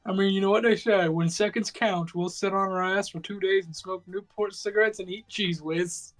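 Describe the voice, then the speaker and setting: A man's voice: high-pitched, fairly even intonation, normal speed, soft background music, lightly acted. A man voicing a deferential male orc keeper, his put-on accent drifting from British into a Southern drawl. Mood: joking.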